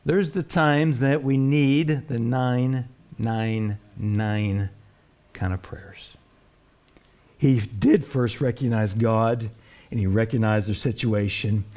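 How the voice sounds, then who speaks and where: A pastor preaching a sermon in a plain-spoken way, asking rhetorical questions and swinging between a raised voice and a hush. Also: male voice, medium pitch. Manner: plain-spoken, with colloquial phrases.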